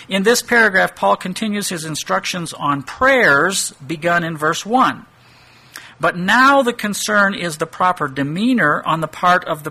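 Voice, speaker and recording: A man's voice: fairly high pitch, bright, forceful tone. A middle-aged man giving an expository Bible teaching, thinking aloud and posing rhetorical questions.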